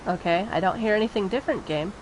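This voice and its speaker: A woman's voice: medium pitch, fast talker, slight background noise. A woman doing casual let's-play commentary, chatty and rambling as she plays. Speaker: game streamer.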